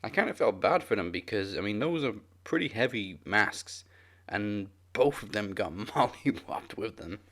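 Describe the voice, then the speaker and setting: A man's voice: lowish voice, lively intonation, moderate pace, a bit bright. A man co-hosting a casual wrestling podcast, dry and blunt. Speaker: podcast co-host.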